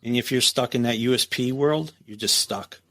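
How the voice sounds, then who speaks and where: A middle-aged man with a mid-range voice, speaking at normal speed, spins war stories from his days as a prison captain in a casual interview. He's animated and swears freely, acting out the quoted dialogue as he goes.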